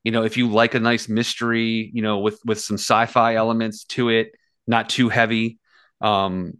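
A man's voice: lowish voice, flat delivery, normal speed, a bit bright, clean tone, no room sound, studio quality. A man co-hosting a podcast, chatting casually and rambling with lots of hedging fillers. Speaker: podcast co-host. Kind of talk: casual chat.

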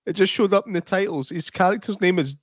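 A man's voice: high voice, fast, no echo, clean studio sound. A man with a son, chatting casually while watching a film, laughing at his own stories and swearing freely. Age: adult with a child. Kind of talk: casual reaction chat.

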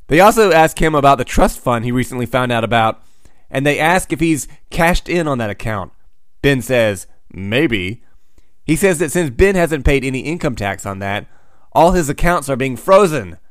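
A man recapping comics with dry, sardonic asides. His delivery swings lively up and down. The recording is dry and close. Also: medium pitch, moderate pace, no echo. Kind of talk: sarcastic comic recap narration.

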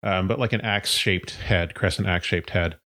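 A man with a deep, low-pitched voice narrates a tabletop game as its game master. He describes scenes in a loose, searching way, stopping for filler words as he goes. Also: moderate pace, pushed and bright.

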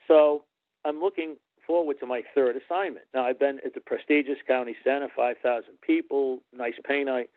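A man's voice: medium pitch, moderate pace, no room sound. A man, a former wrestling referee, telling stories as an interview guest and acting out the people he quotes. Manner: animated, quotes others in character. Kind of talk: anecdotal interview storytelling. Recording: tinny phone-like line, dry.

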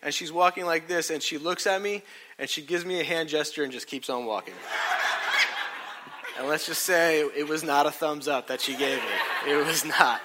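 A middle-aged man telling a personal story in a sermon, animated and self-mocking, acting out what people said. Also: a little high, normal speed, noisy background.

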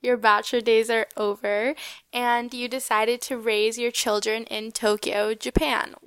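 A woman's voice: on the high side, little pitch movement, a little slow, a bit bright, smooth, no echo. A woman interviewer asking conversational questions that prompt her guest to tell stories.

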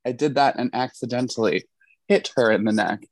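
A laid-back podcast guest with a mid-pitched voice tells a story in a casual chat. The mic is close and dry, with almost no room sound. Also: a little fast, no echo.

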